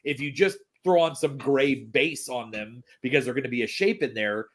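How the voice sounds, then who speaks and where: A man's voice: mid-range voice, normal speed. Chatty male podcast host. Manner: agreeable, frequent affirmations. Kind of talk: casual chat.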